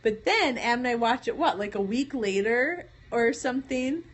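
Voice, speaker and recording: Woman, Michigan accent, slightly high voice, rambling and giggly live-stream host. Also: lively intonation, moderate pace. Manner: rambling, chatty, laughs often. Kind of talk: casual live-stream chat.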